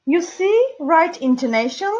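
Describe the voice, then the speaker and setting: A woman teacher with a high voice leads a language lesson, spacing her words out slowly. She pauses on fillers as she explains. The recording sounds dull and lo-fi. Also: expressive, darkish tone. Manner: slow, deliberate, with hesitant fillers. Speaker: English teacher.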